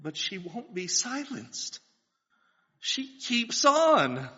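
A man's voice: a little high, lively intonation, takes it slowly, pushed and bright. A man preaching a sermon, earnest and building to fervent pleas, asking his listeners questions. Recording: dull lo-fi sound with long hall reverb.

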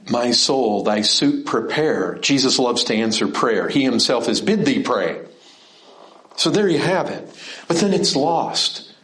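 Animated man preaching in an echoey room. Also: a little high. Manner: animated, conversational preaching with rhetorical questions. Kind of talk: sermon.

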